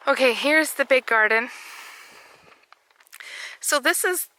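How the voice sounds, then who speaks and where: A woman's voice: mid-range voice, steady tone, a little slow, long pauses, pushed and bright, slight background noise, rough recording. A woman chatting casually and rambling with light jokes while walking through her backyard garden in winter. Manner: rambling, jokey, laughs often. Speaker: vlogger.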